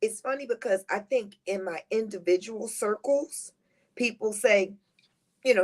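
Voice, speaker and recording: A middle-aged woman who is a guest on a talk show. She tells heartfelt, rambling personal stories in a lively, positive, high-energy way. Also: unhurried. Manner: rambling, heartfelt storytelling with restarts. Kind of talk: casual conversational interview.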